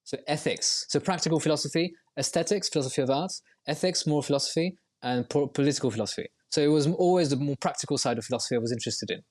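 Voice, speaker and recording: A man with a slightly higher voice talks as a podcast guest. He explains ideas at length, circling back and restarting as he thinks aloud. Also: rapid-fire, hardly any pauses, a little mellow. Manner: reflective, long winding explanations with many restarts. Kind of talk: podcast interview.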